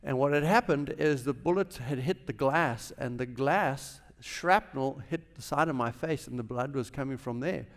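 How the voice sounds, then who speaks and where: A man with a South African accent tells his life story to a chapel audience, now quiet and now suddenly loud as the story builds. His voice rings with a long reverb from the large auditorium. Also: medium pitch, moderate pace, few pauses. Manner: animated storytelling with sudden shifts in loudness. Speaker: guest speaker, business leader. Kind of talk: chapel talk, personal testimony.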